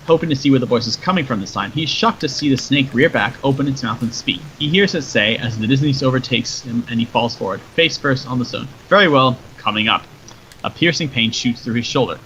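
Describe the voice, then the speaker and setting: A man narrates a story in a steady, descriptive way. His voice is bright and mid-pitched. The recording is dull and lo-fi, with faint background noise. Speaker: story reader.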